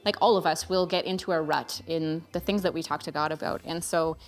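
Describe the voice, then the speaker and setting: A woman's voice: sits low, fairly even intonation, a little fast. A woman in her thirties talking to camera as a parent, recommending gifts in an earnest, chatty way. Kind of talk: casual review vlog. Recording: faint music behind.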